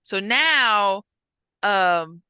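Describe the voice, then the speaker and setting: A woman's voice: medium pitch, lively intonation, very slow, sharp tone, clean tone, dry recording, dull audio. A woman hosting a podcast, chatting casually, swearing freely and acting out lines as she retells a story. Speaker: podcast host. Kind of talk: casual chat.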